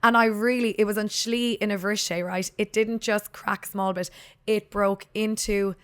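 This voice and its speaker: A woman's voice: mid-range voice, steady tone, a little slow, a bit bright, clean tone. An Irish woman in her thirties chats loosely as a podcast co-host and tells a rambling story. She drops in casual swearing and uses a mid-range voice. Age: 30s. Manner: chatty storyteller, swears freely. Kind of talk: casual chat.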